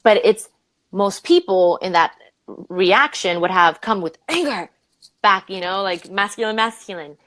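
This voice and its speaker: Woman, Romanian-born leadership coach, animated guest storyteller. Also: measured pace, dry recording, poor audio. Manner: animated, acts out quoted voices with big pitch jumps. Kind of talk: conversational interview storytelling.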